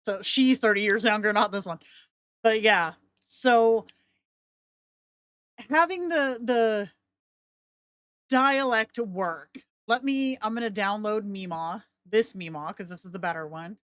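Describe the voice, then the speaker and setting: A woman walks viewers through a casual screen-share tutorial in a chatty, rambling way, laughing often. Her voice is mid-pitched, and the sound is dry and close. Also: takes it slowly, long pauses, fairly bright tone, no echo. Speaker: tutorial host.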